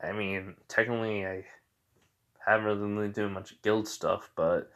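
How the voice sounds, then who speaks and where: A young man tells a made-up fan story in a loose, rambling way. He sounds tired, keeps circling back with "basically" and "like", and slips into quick bits of dialogue as he goes. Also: fairly low pitch, steady tone, fairly bright tone. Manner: rambling, repeats "basically" and "like", acts out quotes. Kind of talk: casual retelling of an imagined anime adventure.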